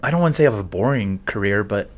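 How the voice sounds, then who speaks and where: A young adult man, a real estate agent, telling stories about his work in a relaxed, self-deprecating way. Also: lowish voice, very fast. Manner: self-deprecating, laid-back storyteller. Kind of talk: casual interview chat.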